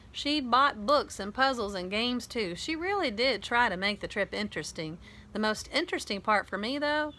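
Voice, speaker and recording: A woman reading a children's novel aloud, narrating in a boy's first person in a lively, conversational way. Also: medium pitch. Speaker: audiobook reader.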